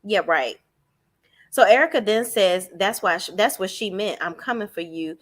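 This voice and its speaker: A woman's voice: medium pitch, normal speed. A woman recapping a reality TV show live, blunt, profane and mocking the cast.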